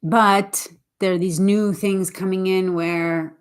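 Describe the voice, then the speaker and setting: A woman's voice: mid-range voice, steady tone, slow, clean tone. A woman from Boston talking in a casual, earnest and rambling way, often restarting her sentences. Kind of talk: casual spoken reflection.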